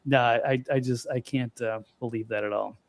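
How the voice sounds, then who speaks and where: A male panel guest with a voice of ordinary pitch. He speaks hesitantly, with frequent pauses and fillers between his thoughts. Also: steady tone. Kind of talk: casual panel talk.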